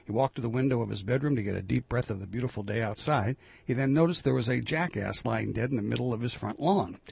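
Male radio host, quick delivery, gravelly husky voice, dry close mic, dull lo-fi broadcast sound. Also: mid-range voice, no echo. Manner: loose, self-deprecating, quick delivery. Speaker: radio talk show host. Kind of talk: casual radio talk, telling a joke.

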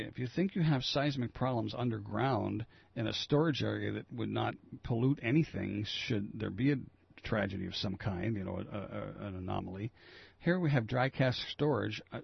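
Gravelly, raspy-voiced man talking radio. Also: lowish voice, normal speed, no echo, lo-fi sound. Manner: rambling, opinionated, reads news items then riffs. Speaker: local radio host. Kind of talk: casual talk radio commentary.

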